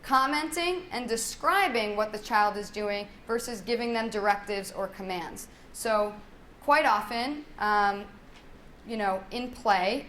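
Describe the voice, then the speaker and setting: A woman's voice: fairly high pitch, fairly bright tone, slight background noise. Woman speech therapist teaching parents. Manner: conversational, checks in with "right?", models child talk in a lilting singsong. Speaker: speech-language pathologist leading a parenting workshop. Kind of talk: live workshop talk to parents. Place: workshop room.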